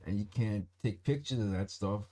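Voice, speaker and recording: A man hosting his own channel, reading a news article aloud and stopping often to add skeptical comments of his own, in a halting, deliberate way. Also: lowish voice, dark tone. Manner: reads aloud with skeptical asides. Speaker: channel host.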